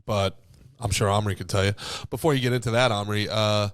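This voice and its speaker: A man's voice: on the low side, fairly even intonation, brisk, clean tone, no room sound. Young male co-host, casual crude banter, restarts a lot, dry recording. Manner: crude, joking, rambling with restarts. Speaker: podcast co-host. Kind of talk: casual comedic chat.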